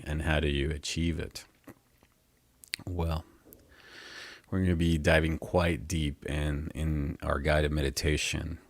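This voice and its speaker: A man hosting a live spiritual webcast, talking in a gentle, unhurried way and greeting viewers by name. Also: rumbling low, no room sound. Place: indoor room at home with a heater.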